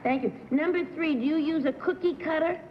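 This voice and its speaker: A woman on a game show panel, asking quick-fire questions in a crisp, businesslike way. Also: high voice, slight background noise. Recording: dull 1960s TV broadcast, hall reverb.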